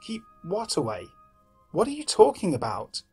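A man's voice: on the high side, wildly swooping pitch, normal speed, darkish tone, breathy edge, faint music behind, full character voice. A man reading a firm, guarded mother. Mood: wary.

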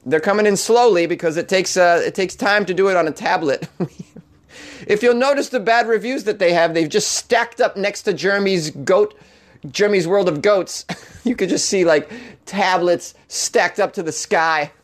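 A man with a fairly high voice hosts a comedy news show. He reads odd stories aloud, then breaks off into jokes and laughter. His delivery is casual and playful throughout. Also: normal speed. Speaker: comedy news podcast host.

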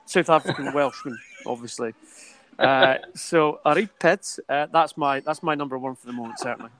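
A man's voice: mid-range voice, moderate pace, a bit bright, poor audio. A man chatting about football in a casual podcast, telling stories with some hesitation. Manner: anecdotal storyteller, hesitant. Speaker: football pundit.

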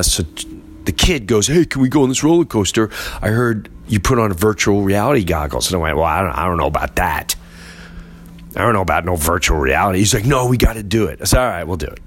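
A man hosting a podcast, telling a comic story with animated delivery and acting out other people's voices. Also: fairly low pitch, a little hiss or hum. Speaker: podcast host.

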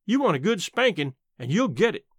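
A man voicing a blunt, sharp-tongued old countrywoman aunt in a story reading, dry and matter-of-fact, with plain country talk. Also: high-pitched, big pitch swings, fairly quick, slightly rough, no room sound, full character voice.

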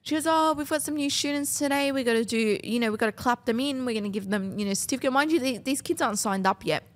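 A young woman tells a chaotic story on a podcast. Her voice sits a little high, and she swears freely and acts out what everyone said. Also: fast talker. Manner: animated, swearing, acts out other people's lines. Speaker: podcast co-host. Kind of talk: casual storytelling chat.

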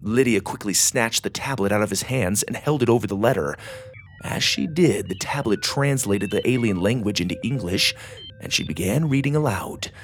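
A man narrating a children's space adventure audiobook in an expressive, animated way. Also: fairly low pitch, normal speed, a little hiss or hum. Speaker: storyteller.

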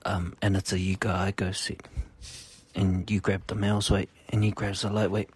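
A man's voice: low-pitched, little pitch movement, moderate pace, breathy edge. A man co-hosting a show, delivering a rambling comic rant full of restarts. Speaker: podcast co-host.

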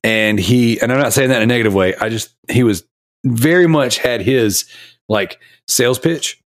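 A man's voice: mid-range voice, normal speed, dry recording, studio quality. A man in his thirties hosting a podcast, telling funny stories in casual chat with a lot of laughter. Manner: animated, laughing storyteller. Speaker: podcast host.

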